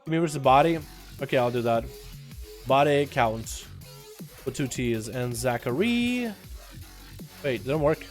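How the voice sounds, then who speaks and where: A young man with an American accent, Russian by birth and first language, hosting a live game stream with quick, excitable play-by-play and frequent laughs. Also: mid-range voice, soft background music. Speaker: livestream host. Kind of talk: live game commentary and chat. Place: hot home room.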